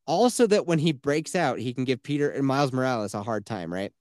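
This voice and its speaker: Male podcast host, lively swooping delivery, dry close sound, swears freely while mocking a game plot. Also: medium pitch, brisk, no room sound. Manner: profane, animated, mocking retelling. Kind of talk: casual game review chat.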